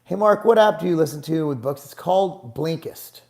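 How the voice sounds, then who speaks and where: Gravelly, blunt, profane man. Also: on the high side, lively intonation, moderate pace, darkish tone. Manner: blunt, profane, gets heated and exasperated. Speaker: host answering live chat questions. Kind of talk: casual live Q&A stream.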